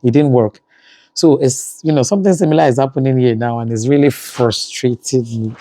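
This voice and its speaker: A man's voice: medium pitch, a little fast, dark tone, no room sound. A man with a Nigerian accent, talking casually in a family vlog and often saying "you know". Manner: conversational, frequent "you know" fillers. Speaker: family vlogger.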